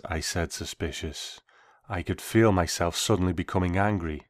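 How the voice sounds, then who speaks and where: A man reading a first-person story aloud in a measured, reflective way. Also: low voice, no echo, studio quality.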